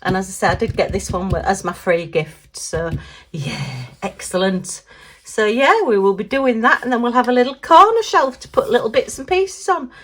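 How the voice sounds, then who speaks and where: A woman talking casually through an unboxing. She is chatty and quick to exclaim and giggle, and she talks to herself as she works. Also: mid-range voice, lively intonation, a bit bright. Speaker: craft vlogger.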